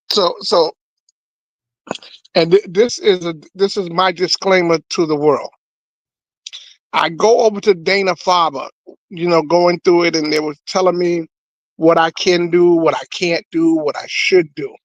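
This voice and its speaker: A man, a comedian, telling his testimony as an animated story, often repeating words. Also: on the high side, a little slow, no room sound, dull audio. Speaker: guest comedian.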